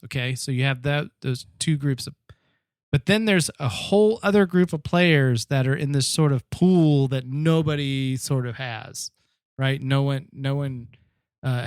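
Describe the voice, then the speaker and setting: A man's voice: medium pitch, a bit bright, clean tone, no echo, clean studio sound. A man hosting a podcast, chatting casually as he recaps a TV episode and patiently explains details with many restarts. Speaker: podcast host.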